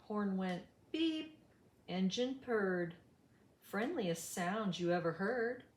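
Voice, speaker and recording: A woman reading a children's picture book aloud, slowly, with a sing-song storytelling manner. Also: medium pitch. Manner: slow, lively storytelling with sing-song voices for animals. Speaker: storybook reader. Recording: roomy echo.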